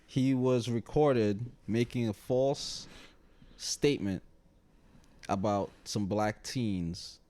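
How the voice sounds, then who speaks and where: A young man co-hosting a podcast in casual chat, telling stories with lively acted-out quotes. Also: fairly low pitch, takes it slowly. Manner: animated storyteller who acts out quoted people. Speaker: podcast co-host.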